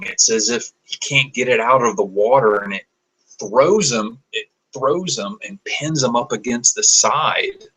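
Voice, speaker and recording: A man improvising a story aloud, describing scenes as he goes, often pausing and restarting mid-sentence. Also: mid-range voice, fairly bright tone, husky, low-quality recording. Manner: halting, searching for words, many restarts.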